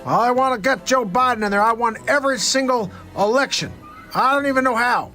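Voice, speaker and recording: A man's voice: very high voice, a little fast, music in the background, voice pushed up. A man doing a rambling, confused old politician. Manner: meandering, confused boasting. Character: rambling elderly male politician impression. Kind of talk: political impression sketch.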